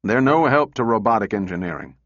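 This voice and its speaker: A man voicing a gruff, sardonic senior male engineer who talks in a brisk, impatient way for an audiobook. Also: fairly low pitch, lively intonation, fairly bright tone, dry recording, muffled recording. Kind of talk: audiobook character reading.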